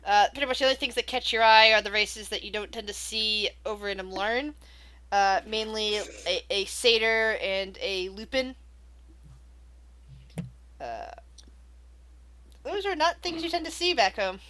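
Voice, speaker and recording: A woman's voice: mid-range voice, a little slow, long pauses, pushed and bright. A woman narrating a tabletop game as game master, casual and laughing often.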